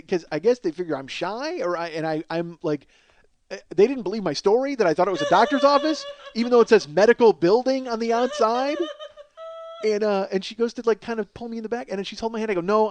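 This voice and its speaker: A man's voice: sits high, darkish tone, a little hiss or hum. A man in his forties hosting a comedy podcast, telling a rambling, profane, self-mocking story full of restarts. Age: 40s. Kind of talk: rambling comic monologue.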